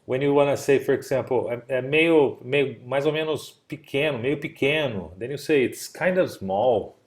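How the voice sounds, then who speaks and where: A man's voice: medium pitch, normal speed. Male tutor on a video call. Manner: explains patiently with examples, checks understanding. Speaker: English tutor. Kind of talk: online English lesson.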